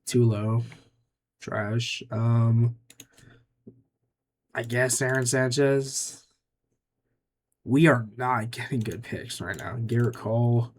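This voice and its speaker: A man's voice: mid-range voice, steady tone, slow pace, pauses often, a little hiss or hum. A young man giving casual gameplay commentary, muttering offhand, dry remarks to himself as he makes picks. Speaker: gaming YouTuber.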